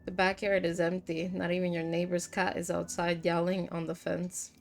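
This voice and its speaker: A woman's voice: fairly low pitch, completely flat delivery, normal speed, vocal fry, soft background music. A woman streamer reading visual novel narration aloud in second person. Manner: reads narration in second person, breaks into laughs. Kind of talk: reading game text aloud.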